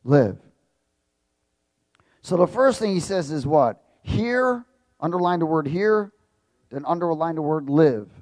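A man's voice: a little high, expressive, a little slow, long pauses, a little mellow, no echo. A male preacher reading scripture aloud in a sermon, stopping often to quiz the congregation and repeating key words with emphasis. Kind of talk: sermon with call-and-response.

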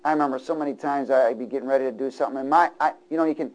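A middle-aged male preacher giving a sermon, swinging between loud, fervent passages and hushed, near-whispered lines. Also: mid-range voice, very fast, few pauses, rough recording.

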